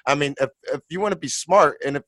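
A man's voice: a little high, quick pace, fairly bright tone, dry recording. A man in casual group chat, rambling and restarting his sentences. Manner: rambling, many restarts and "I'm just saying".

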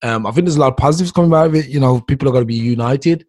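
A man's voice: medium pitch, racing, darkish tone. A man chatting casually as a co-host, rambling through thoughts with many fillers and restarts. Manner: rambling, lots of fillers and "dude". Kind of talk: casual chat.

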